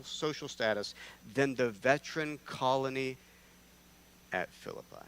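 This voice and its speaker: A man preaches in a church, his voice sitting in an ordinary middle register. He talks to the congregation in a loose, animated way, often restarting his phrases before pushing ahead. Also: mid-range voice, moderate pace, no echo. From North Carolina. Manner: animated, conversational, with repeated restarts. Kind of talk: sermon.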